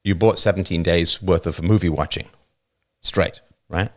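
A man's voice: deep voice, normal speed. A man hosting a livestream, talking in a casual, emphatic monologue into a studio microphone and often tagging his points with "right?". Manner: emphatic, keeps asking "right?". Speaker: livestream host. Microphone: new studio microphone.

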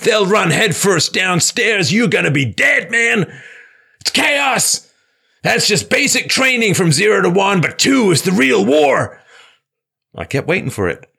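Gravelly, lively sarcastic male host. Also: sits high, a little slow. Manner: sarcastic, acts out mock war-movie shouting. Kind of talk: call-in show talk.

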